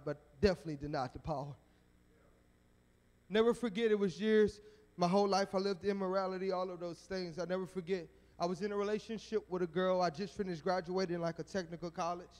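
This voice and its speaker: A male evangelist preaching at a youth rally, telling a story in an animated, dramatic way. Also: sits high. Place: church sanctuary. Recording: echoey church sanctuary.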